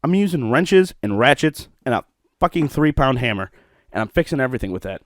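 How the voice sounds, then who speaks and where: Animated, profane male podcast host. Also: medium pitch, a little fast, no echo. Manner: profane, animated storytelling with bursts of laughter. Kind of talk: solo podcast monologue.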